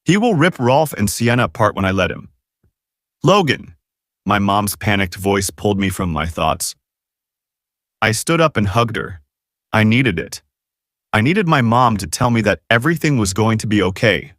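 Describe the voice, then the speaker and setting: A man narrates a first-person romance audiobook. His voice is low yet lively, with wide swings in pitch and a dramatic, emotive delivery. The recording is dry and close, with no room echo. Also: normal speed.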